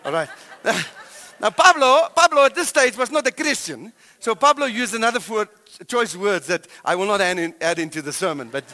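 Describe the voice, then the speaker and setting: A middle-aged South African pastor preaches a sermon through animated storytelling, swinging between loud and hushed delivery. His voice sits high and moves a little fast, trailed by a long reverb.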